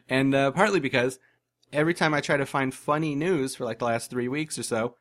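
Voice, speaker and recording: A man's voice: mid-range voice, moderate pace, a bit bright. Podcast co-host, man, dry sarcastic jokes, casual chat.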